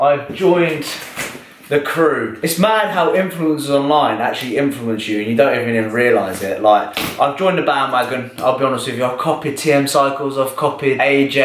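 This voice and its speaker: A young man chats straight to camera, excitable and rambling, with plenty of swearing along the way. His mid-pitched voice rings around an echoey room, and there is a faint hiss behind him. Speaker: fitness vlogger. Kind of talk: casual vlog chat. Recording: roomy echo, faint noise.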